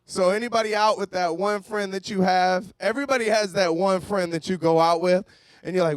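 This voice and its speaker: A man's voice: high voice, fairly even intonation, a little fast, clear, resonant tone, no echo, clean studio sound. Brash young man doing stand-up. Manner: brash, profane storytelling with shouted crowd work. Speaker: stand-up comedian. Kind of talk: stand-up comedy set. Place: comedy bar stage.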